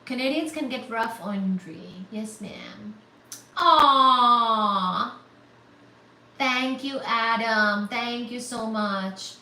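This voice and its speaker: A woman hosting a casual livestream, chatting with viewers and thanking them for super chats in a bubbly, excitable way. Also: a little high, takes it slowly, hardly any pauses. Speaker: livestream host. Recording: roomy, distant, faint static hiss.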